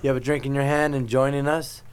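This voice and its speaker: A man's voice: medium pitch, level tone, fast talker, smooth. A man co-hosting a podcast, tipsy and rambling in a loose, casual drinking chat. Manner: loose, rambling, says he has been drinking since morning. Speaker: podcast co-host.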